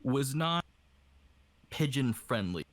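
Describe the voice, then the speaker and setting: A man's voice: medium pitch, big pitch swings, slow pace, no room sound. A young man from Hawaii, an aspiring voice actor, chatting casually in a rambling way over a voice call. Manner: rambling, casual, with many fillers. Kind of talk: casual podcast chat.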